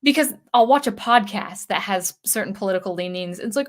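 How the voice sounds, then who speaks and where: A woman's voice: medium pitch, moderate pace, hardly any pauses. A woman hosting a casual livestream, talking in a rambling, earnest way, repeating words as she goes and sounding indignant at times. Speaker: channel host. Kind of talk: casual livestream chat reading viewer comments.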